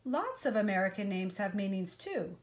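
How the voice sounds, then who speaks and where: Woman voicing gentle caring teacher, concerned tone, storybook. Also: medium pitch, sing-song, normal speed, natural voice. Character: caring male schoolteacher.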